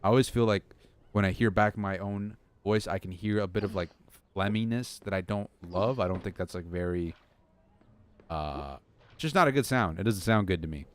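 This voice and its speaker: A man's voice: deep voice, normal speed. A young man rambling and poking fun at himself as he chats to his viewers during a game stream at his home desk. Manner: rambling, self-deprecating, talks to chat. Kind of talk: rambling live-stream chat.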